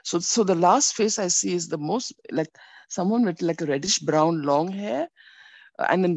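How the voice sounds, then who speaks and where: Gravelly-voiced woman telling a spiritual story. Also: lowish voice, dry recording. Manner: rambling, animated storytelling with many restarts. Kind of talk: personal testimony.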